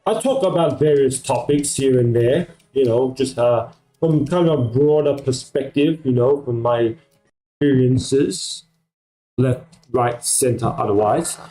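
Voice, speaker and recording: A man's voice: mid-range voice, a little slow, mellow, soft background music, low-quality recording. A man from Australia with an American-sounding accent, chatting casually on a live stream in a rambling way, full of fillers. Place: home at night.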